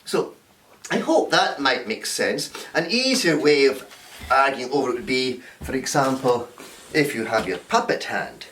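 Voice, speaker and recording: A man's voice: mid-range voice, big pitch swings, unhurried, fairly bright tone, slight background noise. A man leading a recorded workshop at home. He talks playfully and acts out little scenes to demonstrate. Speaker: drama and games workshop leader. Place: indoors in a home room. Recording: roomy sound from a distant camera.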